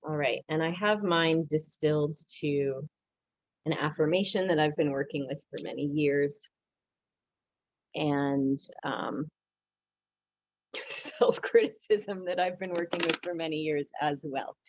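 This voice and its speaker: A woman leading a yoga workshop, calm and gently humorous. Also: sits low, measured pace, no room sound, highs cut off. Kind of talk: guided group workshop.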